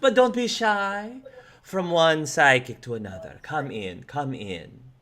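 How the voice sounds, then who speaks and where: Man putting on a high dramatic psychic woman, ingratiating, slow and grand, tabletop game character. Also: expressive, fairly bright tone. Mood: theatrical. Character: theatrical old-fashioned female fortune teller, grand and welcoming.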